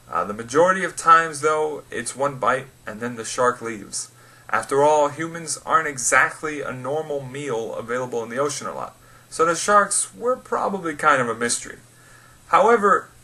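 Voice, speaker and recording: A man hosts his own solo audio show with a very bright, forward tone, sitting a little above the usual male pitch. He reads scripted commentary in a blunt, sarcastic way. When something angers him he swears freely. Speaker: podcast host.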